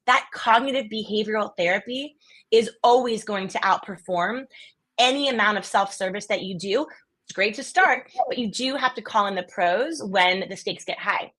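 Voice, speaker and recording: A woman's voice: medium pitch, moderate pace, a bit bright. A woman from the US East Coast, a podcast guest, chatting casually and telling stories energetically with lots of quoted voices. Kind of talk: casual interview chat.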